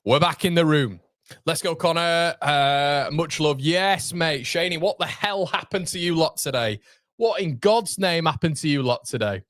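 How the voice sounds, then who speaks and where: A man hosting a live match watchalong, chatty and excitable, talking straight to his viewers. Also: fairly high pitch, moderate pace, no room sound. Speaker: host of a football fan channel.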